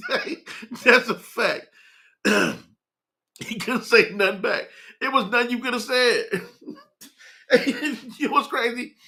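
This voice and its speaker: Young male host, keeps breaking into laughter, animated delivery. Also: very high-pitched, takes it slowly, pauses often. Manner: laughing hard, breaking into giggles between words. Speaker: morning show host. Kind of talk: casual chat with live viewers.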